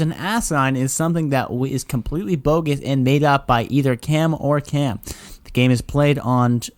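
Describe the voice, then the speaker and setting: A man's voice: medium pitch, dry recording, clean studio sound. A man co-hosting a casual comedy podcast, joking around and telling stories. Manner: joking, puts on quoted voices in stories. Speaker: podcast co-host.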